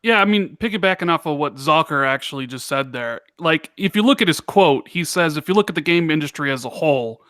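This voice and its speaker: A man's voice: fairly high pitch, expressive, brisk, few pauses, fairly bright tone, no room sound, studio quality. A man on a casual gaming podcast panel, explaining his point step by step.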